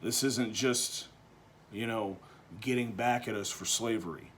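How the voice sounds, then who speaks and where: A man from Texas, giving an opinion monologue that is full of restarts and swings between quiet, low stretches and loud, animated bursts. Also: a little hiss or hum. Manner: halting, with frequent restarts and repeated words. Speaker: vlogger.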